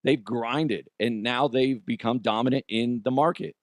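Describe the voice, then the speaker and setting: On his own casual podcast, a man spins stories in a loose, jokey way, cursing freely and laughing at himself. He speaks at a measured pace with medium pitch, recorded clean in the studio with no room sound.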